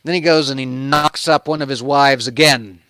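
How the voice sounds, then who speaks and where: A man's voice: medium pitch, normal speed, background noise. A man hosting a comedic, irreverent retelling of scripture, with sardonic and profane narration. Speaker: host.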